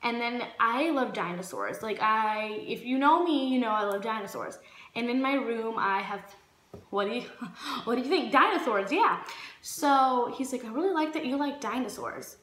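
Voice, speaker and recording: Young woman doing a story time vlog, kinda high voice, animated, echoey room w faint music. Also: unhurried, slight background noise. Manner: animated storytelling, acts out quotes. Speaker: vlogger.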